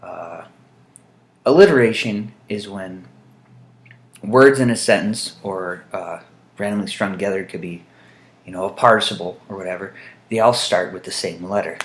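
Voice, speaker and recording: A man's voice: low voice, normal speed, pauses often. A man chatting casually to camera in a vlog, meandering and dry-humored, with frequent fillers. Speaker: vlogger. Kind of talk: casual rambling monologue to camera.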